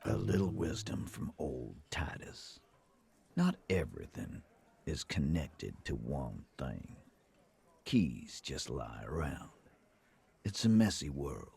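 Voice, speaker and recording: A gruff older union boss in a game: very deep, gravelly, slow raspy drawl, dry. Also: male voice, very animated, warm tone, heavily acted. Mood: laconic. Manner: dry, dismissive, offers blunt advice. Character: gruff older male dockworker boss, unbothered. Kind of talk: video game voice acting.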